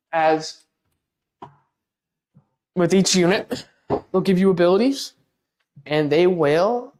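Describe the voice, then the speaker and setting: This woman's voice sits low with a darkish tone. She's a live streamer painting a wall and chatting casually with her audience, rambling with lots of restarts and laughing at herself in a self-deprecating way.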